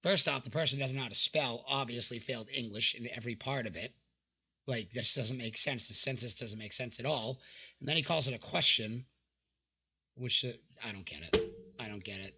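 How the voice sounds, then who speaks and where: A young man with a husky, sharp voice at medium pitch runs a channel reacting to dating app screenshots. His commentary is casual and exasperated as he mocks the messages and swears freely.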